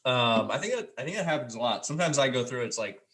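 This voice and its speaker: A man's voice: medium pitch, lively intonation, fast talker, a bit bright. A man hosting a casual sports podcast, joking loosely and talking with many ums and restarts. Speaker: podcast host.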